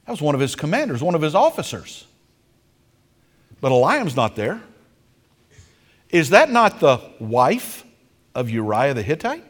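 A man preaches in a fairly high voice that swoops and climbs with lively animation, telling stories with dramatic flair. His sermon rings through the long reverb of a large hall. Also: a little slow, long pauses. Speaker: pastor.

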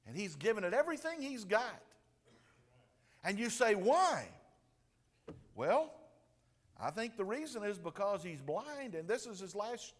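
A man preaching a sermon with animated delivery, dropping to a hush and then booming out. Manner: animated, swings from hushed to booming. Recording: long reverb of a large room.

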